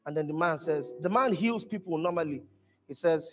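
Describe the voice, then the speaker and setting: A pastor preaching a sermon to his church, emphatic and animated, rising to shouted peaks. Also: fairly high pitch, moderate pace, in a large hall, faint music behind. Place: church hall.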